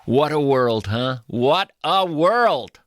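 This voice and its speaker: A male radio host giving an earnest, lowered-voice reading of a commercial. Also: animated, slow, raised voice, background noise. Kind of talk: live-read commercial.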